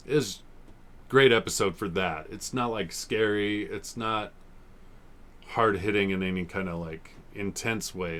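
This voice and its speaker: A man in his forties hosts a podcast, reviewing old TV episodes in a loose, rambling way, swearing and laughing often. His voice is low with a slight brightness.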